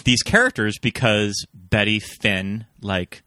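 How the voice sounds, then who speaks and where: Low, bright-toned male co-host. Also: expressive, slow pace, no room sound, clean studio sound. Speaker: podcast co-host. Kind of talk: casual chat.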